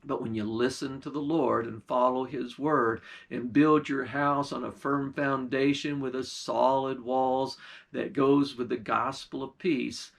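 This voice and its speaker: A man's voice: mid-range voice, steady tone, measured pace, vocal fry, fairly bright tone. A male pastor, telling a folktale in a folksy, drawling country manner. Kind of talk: folktale storytelling.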